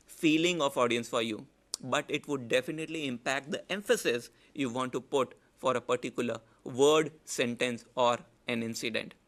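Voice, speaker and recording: A man with an Indian English accent, a public speaking trainer giving a lecture and demonstrating shifts in volume, pitch and pace. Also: creaky. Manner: demonstrates loud, soft, fast and slow delivery. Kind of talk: online lecture.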